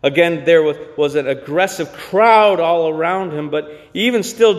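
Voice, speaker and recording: A pastor preaching a sermon in a church, slow and emphatic with dramatic pauses. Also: male voice, on the high side, big-room sound.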